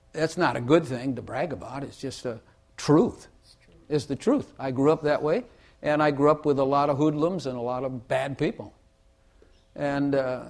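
A man's voice: a little high, vocal fry. Emphatic man teaching the Bible. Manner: emphatic, repeats phrases for effect; plays with vocal inflection to make points. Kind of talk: casual Bible teaching chat.

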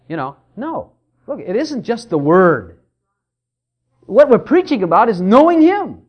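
A middle-aged male pastor delivers a sermon in a church, his voice pitched high and swinging widely in melody. He slips into quoted voices of churchgoers as he makes his points. The recording is dull and lo-fi. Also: big pitch swings, a little slow, long pauses.

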